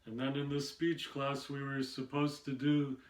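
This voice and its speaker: A man rambles through an amateur stand-up set, slow and unhurried, with long pauses and lots of fillers between phrases. His voice sits at an ordinary pitch and is recorded in a noticeably echoey room. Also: completely flat delivery. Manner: halting, meandering, with many pauses and fillers. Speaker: amateur stand-up comedian and podcast host.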